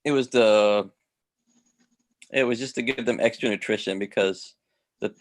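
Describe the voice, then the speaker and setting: Low-voiced man chatting on a call. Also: unhurried. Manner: rambling, many restarts and fillers. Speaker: host. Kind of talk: casual video-call chat.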